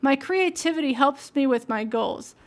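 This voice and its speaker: Woman host with a high voice, earnest, reflective solo podcast. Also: animated, moderate pace.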